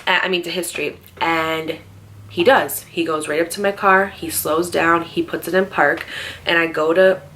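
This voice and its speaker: Young woman vlogger, slightly low voice, emphatic storyteller who says "like" a lot. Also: steady tone, moderate pace, bright, forceful tone, a little hiss or hum. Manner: emphatic, heavy use of "like". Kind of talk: casual storytime.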